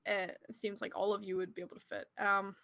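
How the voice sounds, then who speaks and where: A woman running a tabletop game as game master, narrating slowly with frequent hesitant fillers. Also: medium pitch, level tone, gravelly, pushed and bright.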